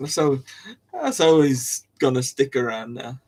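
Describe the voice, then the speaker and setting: A man's voice: medium pitch, a little slow. Rambling, giggly young man streaming. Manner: rambling, chatty, giggles often, self-interrupting. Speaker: live stream host. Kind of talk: casual live-stream chat.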